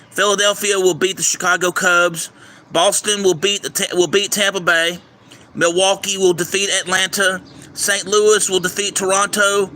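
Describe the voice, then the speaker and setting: A man hosting a livestream, reading out a game schedule and his picks in a steady list, sometimes stumbling over names, recorded outdoors near a railway. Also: high-pitched. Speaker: livestream host giving baseball picks. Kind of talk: casual livestream commentary. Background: faint traffic and train noise.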